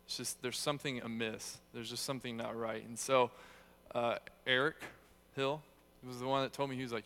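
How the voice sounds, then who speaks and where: A young man, a youth speaker, delivers a casual, conversational sermon in a medium-pitched, fairly bright voice at a moderate pace with a flat delivery. He tells stories laced with self-deprecating humor.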